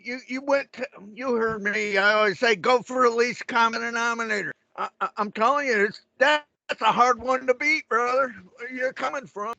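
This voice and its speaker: Laid-back gravelly man, lo-fi sound. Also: very high-pitched, normal speed, few pauses, bright, forceful tone, no echo. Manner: laid-back, agreeing, short replies. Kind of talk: casual conversation.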